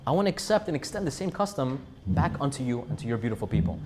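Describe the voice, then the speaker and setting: Man putting on an earnest mayor, generous, pleading, quick-spoken. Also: medium pitch, very animated, a little mellow, a little hiss or hum, lightly acted.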